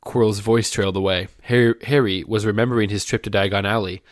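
Low-voiced man reading aloud casually. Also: fairly even intonation, a little fast, no room sound, clean studio sound. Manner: joking, laughs between passages. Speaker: podcast host reading aloud. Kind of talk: casual read-aloud podcast.

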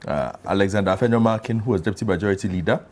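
A man's voice: on the low side, rapid-fire, a little mellow. A man hosting a political panel, pressing guests with pointed questions. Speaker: talk show host.

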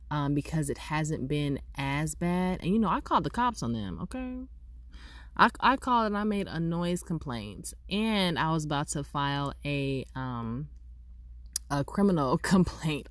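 A woman vlogger telling a personal story in a casual way, acting out both sides of the conversation with lively delivery. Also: sits low, dry recording, clean studio sound. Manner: animated, acts out both sides of a dialogue.

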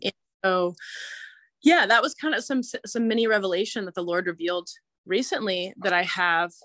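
A woman's voice: mid-range voice, a bit bright, no echo. A young woman co-hosting a casual faith podcast, talking reflectively with frequent halts and restarts. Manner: reflective, halting, many restarts. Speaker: podcast co-host.

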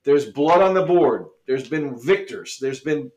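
A man's voice: medium pitch, expressive, measured pace, darkish tone. A man hosting a casual podcast, joking around in a mock sportscaster way and laughing often. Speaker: podcast host.

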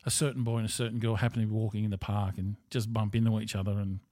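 A man's voice: lowish voice, flat delivery, racing, mellow, no echo, clean studio sound. An Australian man rambling through a casual monologue as a podcast host, blunt and profane.

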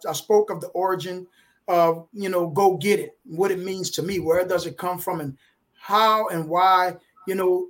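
A man speaking as a guest author on a live feed, giving an emotional, preachy motivational talk that leans on sports metaphors. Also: high voice. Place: live online video feed.

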